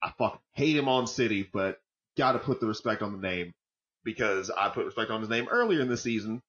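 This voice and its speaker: A man's voice: fairly low pitch, lively intonation, brisk, fairly bright tone. A man co-hosting a football podcast in casual, joking chat, swearing freely and rambling between points. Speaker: podcast co-host, football fan. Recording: dull lo-fi audio.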